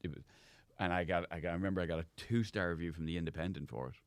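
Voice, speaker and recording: Comedian guest, man, low voice, chatty storyteller who restarts a lot, dry studio sound. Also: racing, dry recording. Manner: rambling anecdotes with many restarts. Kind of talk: casual chat.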